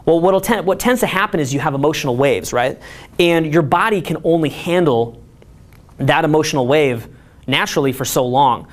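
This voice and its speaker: Energetic rambling man coaching a room. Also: fairly high pitch, normal speed. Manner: energetic, rambling, heavy use of filler words. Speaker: seminar coach. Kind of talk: casual live seminar talk.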